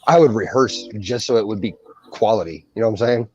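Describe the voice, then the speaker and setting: A man's voice: lowish voice, brisk, warm tone, husky, lo-fi sound. A young man co-hosting a casual coin chat, brash and profane, joking loosely. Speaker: coin channel co-host.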